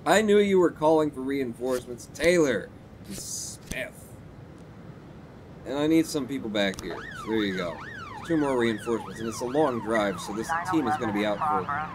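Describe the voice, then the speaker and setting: Animated, sarcastic male game streamer. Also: on the high side, moderate pace, slight background noise. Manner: animated, sarcastic, talks to chat. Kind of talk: live gameplay commentary, reading game text aloud.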